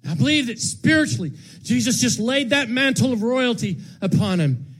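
Male pastor preaching, pretty high voice, goes from hushed to shouting, repeats himself a lot. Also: animated, moderate pace. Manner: impassioned, swings from hushed to shouting, repeats words. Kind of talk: Easter sermon. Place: church sanctuary with congregation.

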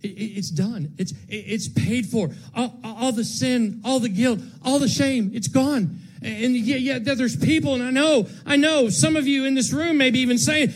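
Male pastor preaching, pretty high voice, goes from hushed to shouting, repeats himself a lot. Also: normal speed, few pauses. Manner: impassioned, swings from hushed to shouting, repeats words. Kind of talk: Easter sermon. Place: church sanctuary with congregation.

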